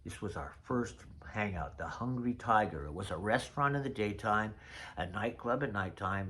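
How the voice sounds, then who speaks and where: Low-voiced older man reminiscing. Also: normal speed, fairly bright tone. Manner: chatty storyteller, drifts off mid-thought. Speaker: vlogger. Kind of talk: casual reminiscing vlog.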